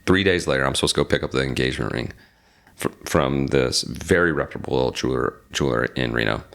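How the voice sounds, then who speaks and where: A man's voice: rumbling low, fast, creaky. A man in his forties, a podcast guest, telling a personal story in a casual interview and acting out the other people's lines. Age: 40s. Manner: animated storyteller acting out quoted dialogue. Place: lives in Reno.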